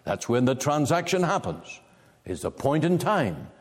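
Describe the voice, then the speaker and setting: A man preaching a sermon, emphatic, with wide swings of pitch. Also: very animated, unhurried, husky, big-room sound.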